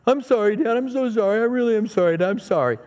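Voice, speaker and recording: A man's voice: high voice, quick pace, a little mellow, pitched above the performer's own voice, close to an everyday voice. A man playing a tearful, remorseful little boy. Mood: pleading. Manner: whimpering, repeating apologies. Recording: echoey hall with long reverb.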